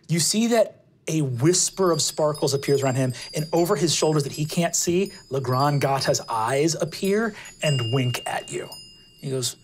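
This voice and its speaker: A woman narrating as game master of a tabletop game, lively and full of fillers. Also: low-pitched, normal speed, slight background noise.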